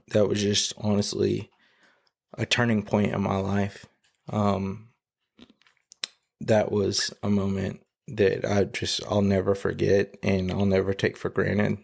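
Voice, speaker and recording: A man, a podcast guest, telling an emotional personal testimony in a halting way, with many fillers and restarts, near tears. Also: lowish voice, completely flat delivery, creaky.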